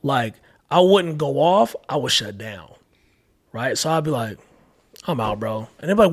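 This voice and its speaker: A man's voice: mid-range voice, expressive, normal speed, no echo. A man in a casual, heartfelt conversation, telling candid personal stories about fatherhood with lots of "like" and acted-out quotes. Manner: candid storytelling with many fillers, acting out quoted voices. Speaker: podcast guest, father.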